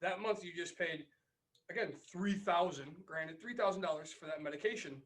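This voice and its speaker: High-voiced excitable man co-hosting. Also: normal speed, rough recording. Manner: swears often, heated and excitable. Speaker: podcast co-host. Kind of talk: casual argumentative chat.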